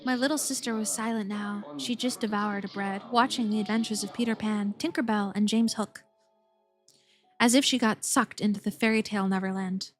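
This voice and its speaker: A woman's voice: medium pitch, steady tone, a little fast, faint music behind. A woman streamer reading a game's story aloud, playful and giggly, swearing when startled.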